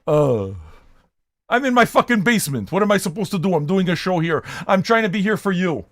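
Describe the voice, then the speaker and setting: An older man hosting a casual show from his home basement, ranting loudly and profanely as he rambles to his audience. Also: sits high, no echo, clean studio sound. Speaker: host. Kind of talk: casual rant to a live audience.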